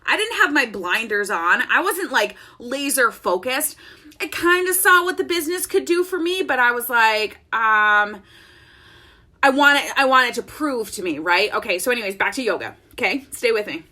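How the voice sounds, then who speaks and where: A woman vlogging from her home office, telling an animated, laughing story in a chatty, casual way. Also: fairly high pitch, moderate pace. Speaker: network-marketing business leader and vlogger.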